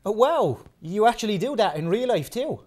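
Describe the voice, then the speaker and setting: A man's voice: sits high, sing-song, moderate pace, darkish tone. A man with an Irish accent presenting a student comedy morning show, cheeky and teasing. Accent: Irish, Cork.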